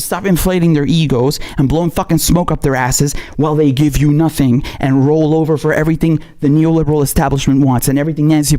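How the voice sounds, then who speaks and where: A man's voice: on the high side, dark tone. A man not from America, a political commentator, delivering an angry, profane, scolding monologue. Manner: profane, scolding, repetitive and heated.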